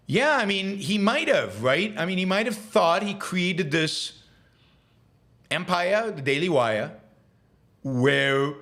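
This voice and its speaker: Fairly bright and medium in pitch, this man's voice carries a live show where he takes viewer questions and shares strong opinions. His talk is laced with fillers and repeats, emphatic to the point of ranting, and hesitant in reflective moments.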